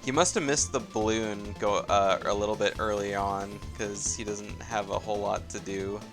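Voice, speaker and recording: A man's voice: on the low side, fairly even intonation, moderate pace. A man casting a live racing game tournament, chatty and laid-back, trailing off with fillers. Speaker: tournament caster. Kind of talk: live esports play-by-play commentary. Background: soft game music.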